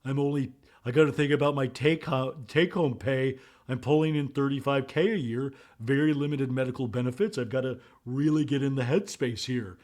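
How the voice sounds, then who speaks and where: A man's voice: medium pitch, a little fast, few pauses, darkish tone, natural voice. A man voicing a fussy socialite woman who rambles mock-seriously while pretending to be a delivery driver.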